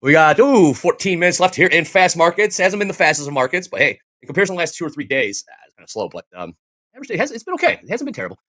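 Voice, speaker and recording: Lively, quick-talking male stream host. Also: a little high. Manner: animated, quips while calling prices. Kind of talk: live market commentary and banter.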